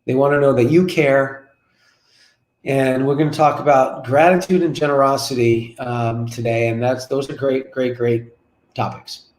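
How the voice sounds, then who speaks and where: A man's voice: medium pitch, normal speed. A man in his forties, a business coach and guest on a web show interview, telling stories energetically and repeating phrases for emphasis from his office over a video call. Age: 40s. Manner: energetic, repetitive, storytelling. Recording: roomy room echo.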